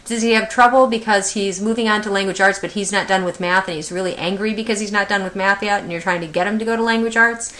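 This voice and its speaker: A woman's voice: medium pitch, fairly even intonation, quick pace, hardly any pauses, fairly bright tone. Chatty woman giving a teacher training. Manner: conversational, many fillers, asks rhetorical questions. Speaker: autism specialist presenting a teacher training. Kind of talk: recorded training lecture.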